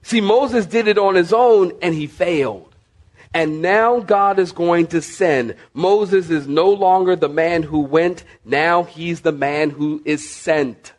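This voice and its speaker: Speaking slowly in a slightly high voice, a male pastor delivers a sermon built on repeated key phrases. He keeps urging the congregation to respond and to mark their bibles.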